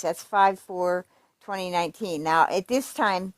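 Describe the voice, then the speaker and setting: A woman's voice: on the low side, measured pace, no echo. A woman giving casual true crime commentary, reading letters aloud in a conversational, emphatic way with fillers and restarts.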